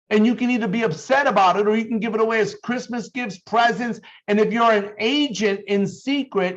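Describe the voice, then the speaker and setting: Man, team leader, emphatic, driven, slightly high voice, dull lo-fi sound. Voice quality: fired up, emphatic, intense delivery. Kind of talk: motivational sales training talk.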